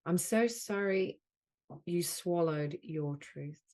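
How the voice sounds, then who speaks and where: A woman leading a guided healing session as a soul mentor on a group call. She speaks in slow, soothing, repeated phrases. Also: on the low side, mellow. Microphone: video call.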